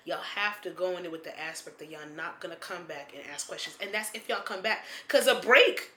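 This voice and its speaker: A frank, opinionated woman in with a very sharp, bright tone, talking casually on a podcast. The room is echoey with a faint hiss underneath. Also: on the low side, brisk. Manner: frank, opinionated, swears, says she is tipsy. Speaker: podcast co-host. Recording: roomy with faint background noise.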